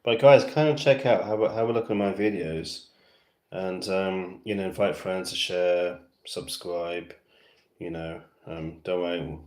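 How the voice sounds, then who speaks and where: British guy rambling on his livestream, deep voice, lots of ums, echoey room. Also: fairly even intonation, unhurried, a little mellow. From West London, England. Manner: rambling and chatty, heavy fillers, self-amused. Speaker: YouTuber livestreaming to fans. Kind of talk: casual livestream chat.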